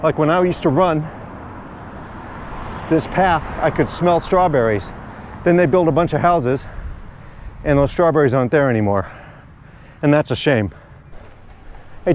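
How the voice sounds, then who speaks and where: A man's voice: on the high side, darkish tone, a little hiss or hum. A man chatting casually and rambling good-humoredly while riding his bike outdoors. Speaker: vlogger. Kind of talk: casual narration while cycling.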